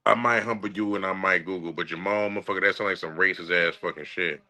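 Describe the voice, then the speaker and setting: A man's voice: deep voice, fairly even intonation, quick pace, pushed and bright. A man streaming live and chatting casually as he reacts to videos, in laid-back, profane slang.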